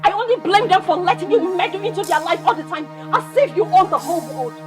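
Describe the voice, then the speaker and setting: An actress playing a defiant young woman who shouts tearfully at her father. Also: extremely high pitch, animated, quick pace, music in the background.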